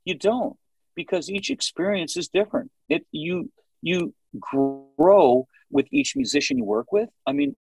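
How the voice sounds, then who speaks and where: A man in his sixties chatting in an interview, telling animated stories and acting out what people said. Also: sits high, measured pace, gravelly, rough recording. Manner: animated storytelling, acts out quoted dialogue. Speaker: singer, interview guest. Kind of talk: casual interview talk.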